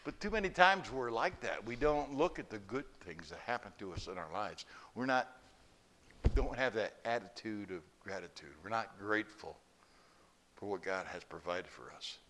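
A man's voice: lowish voice, lively intonation, normal speed, fairly bright tone, a little hiss or hum. A man preaching a sermon to a church congregation, telling stories and asking the people questions. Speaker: pastor.

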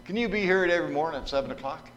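A man preaching, voicing an older male pastor who briskly questions a young job applicant. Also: fairly high pitch, animated, a bit bright, muffled recording. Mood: questioning. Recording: reverberant hall with faint hum.

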